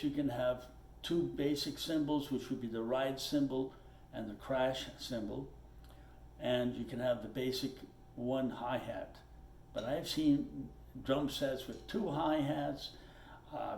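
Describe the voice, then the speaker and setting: Man, drum teacher, slow deliberate delivery, roomy echoing room, faint background hiss. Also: medium pitch, creaky, darkish tone. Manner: plainspoken, repeats points, checks in with "okay". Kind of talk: patient step-by-step instruction. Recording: roomy echo, faint noise.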